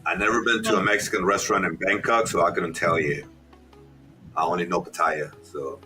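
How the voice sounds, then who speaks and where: A man's voice: low-pitched, fairly even intonation, a little fast, recorded from a distance, over music. A man joining a livestream chat with short, dry remarks. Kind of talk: casual chat.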